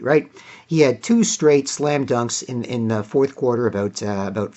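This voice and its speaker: A man gives casual solo sports commentary, rambling with frequent fillers and often clearing his throat. He speaks at a medium pitch and normal speed in a mellow voice.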